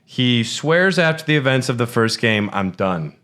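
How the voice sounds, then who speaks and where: A man's voice: medium pitch, moderate pace, bright, forceful tone, clean tone. A man in an easygoing podcast chat with a voice in the middle range. He rambles and stops to restart his thoughts, with many uhs along the way. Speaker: podcast co-host. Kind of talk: casual chat.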